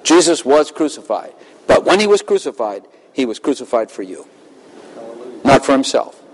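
A man's voice: medium pitch, big pitch swings, moderate pace, a little hiss or hum. A man preaching a sermon, emphatic and impassioned, with dramatic readings of scripture. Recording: long hall reverb.

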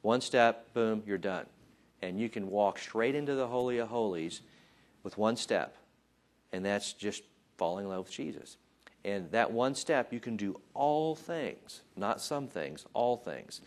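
A man's voice: fairly low pitch, lively intonation, unhurried. A man teaching from the Bible in an informal sermon, chatting, acting out voices and joking about himself. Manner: conversational, acts out voices and jokes about himself. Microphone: taped.

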